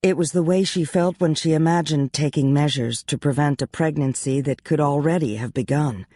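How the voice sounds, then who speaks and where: An audiobook narrator reading a romance novel in an even, measured way. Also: mid-range voice, dry recording, clean studio sound.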